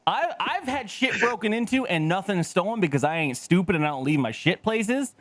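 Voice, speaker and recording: A man's voice: high voice, big pitch swings, a little fast, a bit bright, dry recording. A man co-hosting a casual podcast chat, telling stories with lots of swearing and laughter. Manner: profane, storytelling, laughing often. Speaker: podcast co-host.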